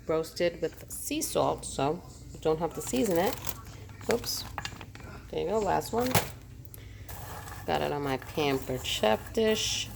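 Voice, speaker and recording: Slow-talking woman narrating home cooking. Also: low voice, expressive, vocal fry, slight background noise. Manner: chatty, talks through each step while cooking. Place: home kitchen.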